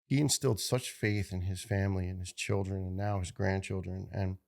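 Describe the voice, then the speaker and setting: A middle-aged man from New York, a guest telling a personal story in an earnest, emotional way, halting and repeating words. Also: deep voice, steady tone, gravelly, a little mellow. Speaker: interview guest, retired firefighter.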